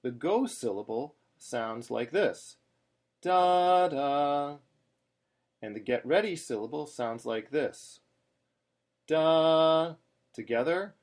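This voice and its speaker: A cantor giving a patient screen-share lesson on Torah chanting, explaining each step and singing short chanted examples. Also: male voice, medium pitch, a little mellow.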